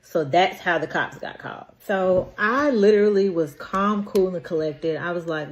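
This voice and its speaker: Low-voiced woman telling a story. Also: normal speed, hardly any pauses. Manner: emphatic, repetitive recounting. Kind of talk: casual storytime.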